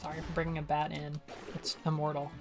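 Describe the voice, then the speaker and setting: Chatty woman with a lowish voice. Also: monotone, brisk, over music. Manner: chatty, rambling, laughs often. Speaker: streamer playing a game. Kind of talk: casual gaming commentary.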